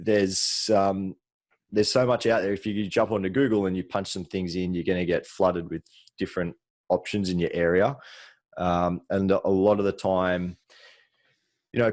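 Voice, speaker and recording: Low-voiced Australian man, easygoing podcast host. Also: darkish tone, no echo. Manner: easygoing, rambling with many ums. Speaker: podcast co-host, soft tissue therapist. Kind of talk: casual podcast chat. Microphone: remote call, separate mics.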